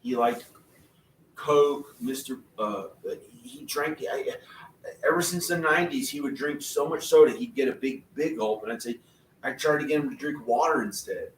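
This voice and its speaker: Speaking at a moderate pace in a medium pitch, a male vlogger talks loosely, restarting often and laughing at his own remarks. The sound is distant and echoey, with a little background noise.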